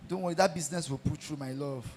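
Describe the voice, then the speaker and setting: A man voicing a flirtatious woman who soothes and coaxes a man in a soft, cooing way. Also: fairly high pitch, normal speed, slight background noise, natural voice. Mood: soothing.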